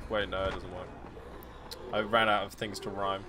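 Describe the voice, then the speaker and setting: A young male streamer with a bright, forward voice chatting loosely as he plays. He jokes, riffs and laughs between lines. A faint hum sits behind him. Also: deep voice, little pitch movement, moderate pace. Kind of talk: casual gameplay commentary.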